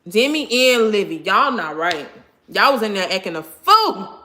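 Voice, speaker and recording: An animated, expressive woman, chatting casually with her viewers during a live stream. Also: medium pitch, unhurried.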